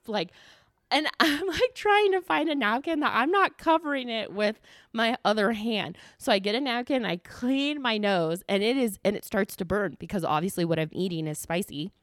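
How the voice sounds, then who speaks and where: A woman's voice: on the high side, a bit bright, no echo, clean studio sound. A young American woman hosting a casual solo podcast, telling a story with lots of self-mocking laughter and casual swearing. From United States. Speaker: podcast host.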